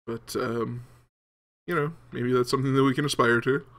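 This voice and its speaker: A young man talks over a game he is playing, thinking out loud in loose, rambling chat. His voice is bright and a little forceful, and he stops often to say um or start a sentence over. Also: mid-range voice, fairly even intonation, normal speed. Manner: rambling, many ums and restarts. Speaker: gaming video host. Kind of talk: casual let's-play commentary.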